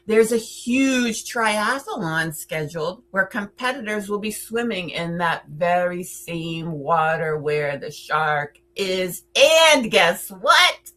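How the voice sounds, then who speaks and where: A woman hosts a playful countdown of her favorite horror films, taking her time over each word. Her voice sits a little low yet sounds bright and forceful, and she talks in a chatty way with theatrical asides. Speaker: horror film reviewer. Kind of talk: casual film countdown chat.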